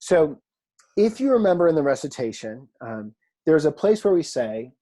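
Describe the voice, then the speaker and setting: Mellow-voiced man teaching a class. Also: a little high, sing-song, normal speed. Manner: conversational, self-deprecating, asks the class questions. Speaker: Greek teacher. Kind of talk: casual classroom lecture.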